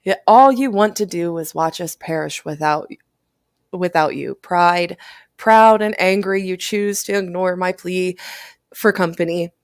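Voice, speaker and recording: A woman's voice: on the low side, a little slow, no room sound, clean studio sound. A woman hosting a livestream, reading a text aloud with stumbles and restarts. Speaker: livestream host.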